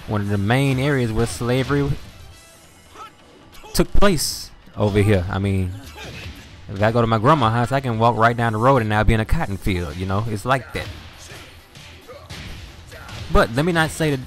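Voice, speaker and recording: With long pauses at a moderate pace, this medium-pitched man tells easygoing, profane stories over gameplay as soft music plays. He's a gaming video host from Louisiana who speaks with a Southern US accent.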